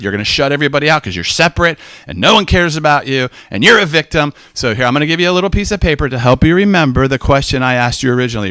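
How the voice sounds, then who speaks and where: Animated man giving a sermon-style talk. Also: medium pitch, brisk, no room sound, studio quality. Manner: animated storytelling, acts out dialogue, emphatic repetition. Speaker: speaker.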